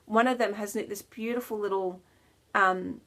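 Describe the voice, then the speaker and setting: Woman, knitting podcast host, casual rambling chat, self-deprecating laughs, soft near-whispered asides. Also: medium pitch, fairly even intonation, normal speed.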